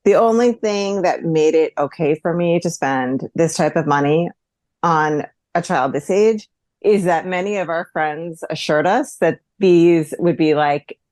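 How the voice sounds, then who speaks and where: Woman co-host, very low voice, dry close sound, measured conversational chat. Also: darkish tone, no room sound. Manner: conversational, laughs easily, measured. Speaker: podcast co-host. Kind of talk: casual chat.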